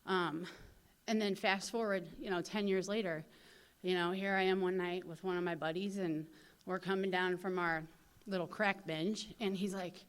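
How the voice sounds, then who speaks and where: A woman's voice: fairly low pitch, fairly even intonation, normal speed. A woman in her thirties from St. Louis, speaking at a recovery convention and telling her story candidly, with lots of fillers and quoted voices. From St. Louis, USA. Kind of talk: personal recovery story told to an audience.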